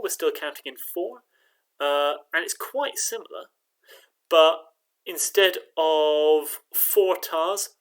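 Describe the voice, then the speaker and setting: A man's voice: a little high, a bit bright. A man leading a choir rehearsal, patiently teaching rhythm and chanting the beats for singers to repeat. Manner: patient, clapping out rhythms with drawn-out syllables. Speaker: choir director.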